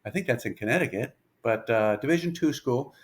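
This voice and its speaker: Fifties guy, baseball coach spinning a yarn, animated, does the voices, middle-pitched. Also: fairly quick. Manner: lively anecdotal, acts out dialogue. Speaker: pitching coach, interview guest. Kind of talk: storytelling interview.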